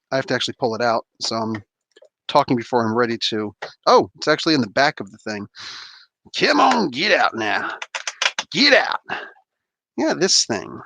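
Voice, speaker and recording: A man's voice: mid-range voice, no echo. A man hosting a casual livestream, chatting while he unboxes a toy and grumbling at the packaging. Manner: animated, frustrated outbursts at packaging. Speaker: host.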